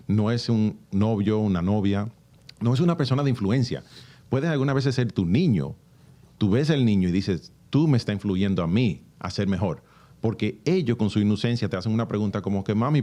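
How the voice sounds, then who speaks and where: Fast-talking male radio host, low voice. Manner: switches between English and Spanish, addressing listeners as señores; energetic, leading questions. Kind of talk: interview.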